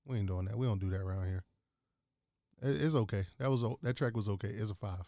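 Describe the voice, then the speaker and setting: A man casually reviewing rap tracks on a live stream, blunt and relaxed in loose slang. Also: lowish voice, quick pace, dry recording, clean studio sound.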